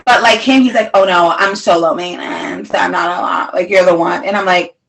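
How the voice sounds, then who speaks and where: A woman's voice: lowish voice, steady tone, fairly quick, gravelly, a bit bright, low-quality recording. A young woman co-hosting a podcast, teasing and joking in casual banter. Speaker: podcast co-host. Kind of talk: casual chat.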